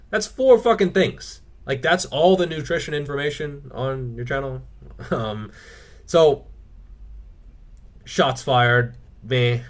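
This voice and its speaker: A man hosting his own fitness channel, answering viewer questions in a casual, blunt, opinionated way and swearing freely. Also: mid-range voice. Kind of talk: casual Q&A monologue.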